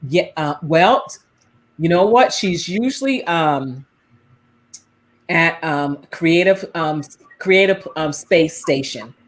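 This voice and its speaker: A woman hosting a casual live chat, rambling a little and pausing with frequent ums as she searches for names. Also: low-pitched, lively intonation. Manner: rambling, hesitant with many ums. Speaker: host.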